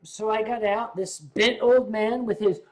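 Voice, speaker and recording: Slow-talking older man telling stories. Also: high-pitched, steady tone. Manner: rambling, unhurried anecdotes with asides to viewers. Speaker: vlog host. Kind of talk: casual storytelling.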